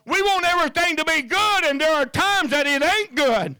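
A man preaching a sermon, moving from quiet scripture reading to shouted preaching and often repeating his words as he gets worked up. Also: very high-pitched, lively intonation, normal speed, no echo. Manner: repeats words and restarts when fired up.

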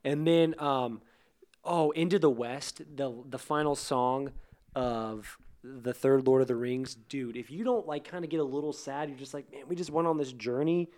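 A young man co-hosting a casual chat, animated and emotional, sometimes dropping to a whisper. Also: mid-range voice, unhurried. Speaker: podcast co-host.

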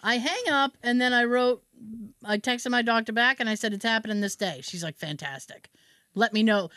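A woman's voice: fairly high pitch, brisk, pushed and bright, clean tone, no echo, studio quality. A woman chatting casually as a podcast host, telling a story with lots of swearing and acting out both sides of phone calls. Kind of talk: casual chat.

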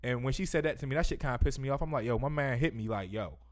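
A man's voice: mid-range voice, rapid-fire. A man ranting animatedly in casual podcast chat, self-interrupting and saying "yo" constantly.

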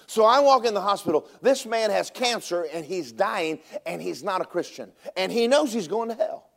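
A man preaching a sermon as pastor, telling stories with animated delivery that rises to shouting at its peaks. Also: high-pitched, moderate pace, gravelly.

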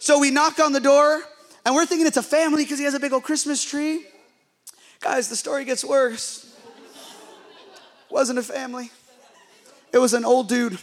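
High-voiced man preaching with comic flair. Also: moderate pace, pauses often. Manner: animated, comic storytelling with acted quotes. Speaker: pastor. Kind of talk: storytelling sermon.

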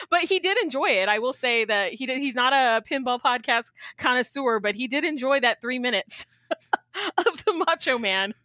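A woman co-hosts a casual podcast and tells stories with animated, giggly energy. Her voice is high and bright. The sound is close and dry. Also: moderate pace, no echo. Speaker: podcast co-host.

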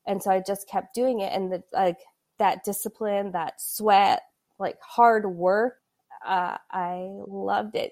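A woman's voice: medium pitch, fairly even intonation, normal speed, darkish tone. Woman in her thirties, talkative guest with a casual, laugh-prone delivery. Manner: chatty, frequent "like" fillers, laughs mid-sentence. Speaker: podcast guest. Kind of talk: casual conversational storytelling.

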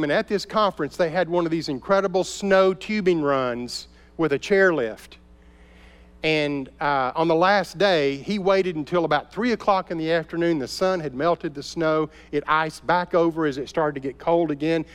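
A man preaching a sermon as a pastor, telling a story and dropping to soft, intense tones at key moments. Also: fairly high pitch, normal speed, clean tone. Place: church sanctuary. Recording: long reverb of a large hall.

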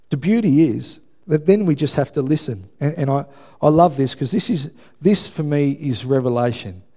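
A man, a pastor preaching a sermon to a congregation, emphatic and often checking in with listeners. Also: mid-range voice. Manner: emphatic, building to loud preaching, asks the congregation for responses. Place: church before a congregation.

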